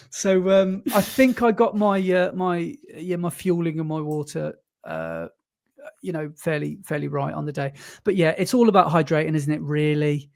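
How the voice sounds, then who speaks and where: A man's voice: fairly high pitch, a little slow, vocal fry, darkish tone. A man from the UK co-hosting a running podcast, chatting casually with lots of fillers and restarts. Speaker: podcast co-host. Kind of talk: casual chat.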